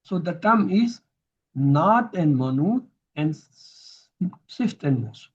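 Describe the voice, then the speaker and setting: Slow, husky-voiced male teacher. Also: on the high side, expressive, highs cut off. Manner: patient, repeats terms to drill them. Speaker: Arabic grammar teacher. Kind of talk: recorded lesson explanation.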